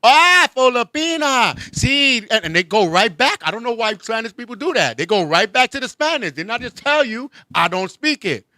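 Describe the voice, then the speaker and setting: A man hosting a casual comedy talk show, joking and animated, laughing often. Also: high-pitched, fairly quick, few pauses, no echo. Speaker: host.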